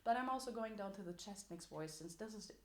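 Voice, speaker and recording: A woman's voice: mid-range voice, animated, a little fast. A woman teaching a singing lesson as a vocal coach, explaining technique in an encouraging way. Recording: echoey room.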